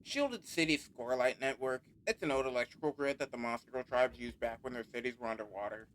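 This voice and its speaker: A man's voice: medium pitch, a bit bright. A man voicing a laid-back, easygoing electrician in a game with a put-on accent, saying "mate" and "no worries". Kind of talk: reading game dialogue aloud.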